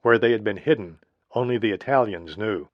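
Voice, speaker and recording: A man narrating a history audiobook in a steady, measured reading. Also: on the low side, dry recording. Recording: dry, slightly dull lo-fi recording.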